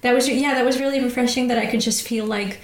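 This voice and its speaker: Animated young woman in a roomy space. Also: on the high side. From Ukraine. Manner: animated, quick agreeing, trailing restarts. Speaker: actress, guest. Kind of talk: casual interview chat. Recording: roomy echo.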